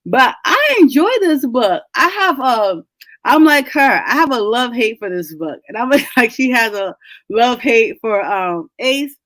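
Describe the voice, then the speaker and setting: A woman's voice: on the high side, sing-song, unhurried, a bit bright, no room sound. A woman hosting an online book club in a casual, chatty way, laughing often and a little congested from a cold. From New England. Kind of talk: casual chat.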